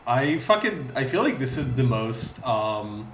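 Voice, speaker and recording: A man's voice: mid-range voice, sing-song, unhurried, roomy sound, a little hiss or hum. A man hosting a casual gaming stream, laid-back and laughing often, swearing freely. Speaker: streamer host.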